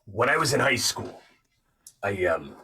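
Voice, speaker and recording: A young man with a husky, bright voice chats casually as a podcast guest. His pitch jumps all over as he tells stories. He slides between quiet, trailing mumbles and sudden loud, excited bursts. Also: a little slow, distant mic. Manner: animated storyteller, swings from low mumbling to loud excited bursts. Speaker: podcast guest, actor and narrator. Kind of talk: casual chat.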